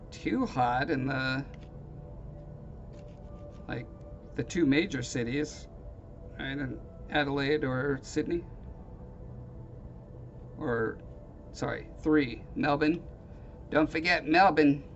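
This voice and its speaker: A man's voice: mid-range voice, creaky. Rambling man on a lo-fi live stream. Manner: rambling, hesitant, self-deprecating. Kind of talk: casual chat with viewers. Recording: dull lo-fi stream audio with faint noise.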